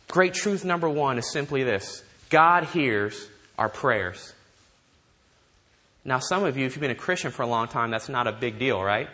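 A man preaching a sermon, animated, asking his listeners rhetorical questions. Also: medium pitch, normal speed. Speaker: pastor.

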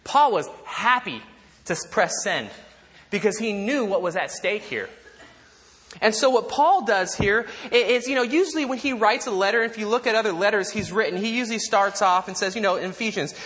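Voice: mid-range voice, expressive, normal speed, a bit bright. Chatty joking preacher. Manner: conversational, joking asides to the congregation; leads call-and-response repetition. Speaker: pastor. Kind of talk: sermon.

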